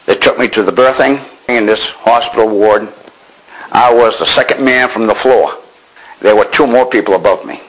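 A man's voice: fairly low pitch, normal speed, poor audio. An older man from Maine telling his own war story with dry, wry understatement. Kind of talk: personal storytelling.

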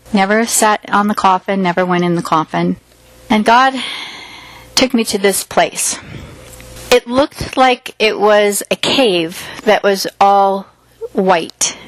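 A woman's voice: medium pitch, no echo, rough recording. A woman earnestly retelling a personal experience in vivid detail, acting out what was said. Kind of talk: personal storytelling.

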